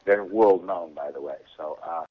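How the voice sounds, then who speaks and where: A man's voice: low voice, moderate pace. Chuckling man on a muffled phone line. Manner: chuckling, acts out quoted voices. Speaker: radio show guest. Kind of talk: casual storytelling.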